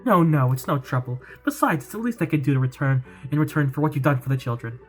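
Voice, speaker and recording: A woman voicing a kind, motherly older woman who runs an orphanage, speaking gently in a lower voice, over faint game music. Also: fast talker, slightly rough. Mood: gentle.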